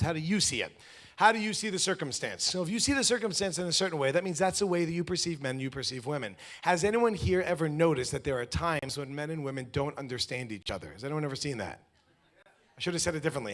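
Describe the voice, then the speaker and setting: A man teaching a live audience at an event, animated and quizzing the room with questions. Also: fairly high pitch. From lives in Israel. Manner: animated, asks the audience questions, acts out little scenes. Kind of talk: lively talk to a live audience.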